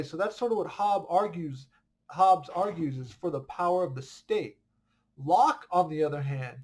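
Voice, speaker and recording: Chatty male history teacher. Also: high-pitched. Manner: conversational, checks understanding often. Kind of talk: casual online lesson.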